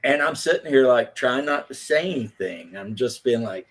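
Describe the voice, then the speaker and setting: A man's voice: medium pitch, lively intonation, normal speed. A man in his fifties hosting a casual chat, telling stories bluntly with profanity. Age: 50s. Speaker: host.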